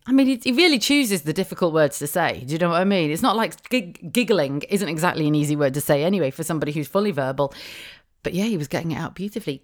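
A woman's voice: low voice, lively intonation, fast talker. A British woman in her thirties chatting casually and emotionally as a parent vlogger, laughing often. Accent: British English. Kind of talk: casual chat.

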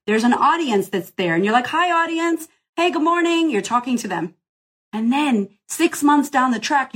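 A woman business coach hosting a live Q&A, giving a blunt, profane, energetic pep talk full of swearing and affection. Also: fairly high pitch, husky. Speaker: business coach and podcast host. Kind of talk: live motivational Q&A.

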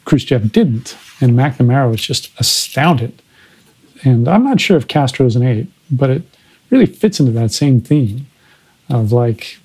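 A man's voice: mid-range voice, expressive, measured pace, darkish tone, breathy edge, rough recording. A man hosting a podcast, analyzing films in a conversational way. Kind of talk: casual film discussion.

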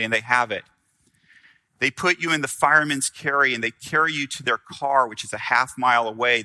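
A male pastor preaching a sermon, earnest, with dramatic pauses, swinging from loud to hushed. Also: medium pitch, no room sound.

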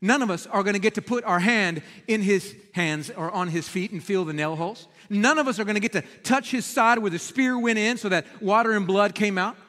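A male pastor preaching a sermon, telling the story in an animated, emphatic way in a church sanctuary. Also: high voice, fairly quick, hardly any pauses, in a large hall.

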